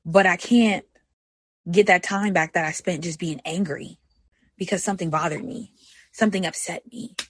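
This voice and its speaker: A young woman hosting a personal podcast, talking candidly. She moves between soft reflection and animated self-talk. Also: fairly low pitch, normal speed, slightly rough. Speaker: podcast host.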